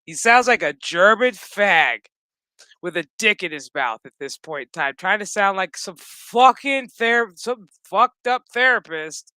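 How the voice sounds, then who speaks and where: A woman in her thirties rants her way through a TV episode recap, swearing constantly and animatedly. Her voice is forceful and the sound is close and dry. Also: mid-range voice, measured pace, dry recording. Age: 30s. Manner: ranting, heavy swearing, animated. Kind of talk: casual profane episode recap.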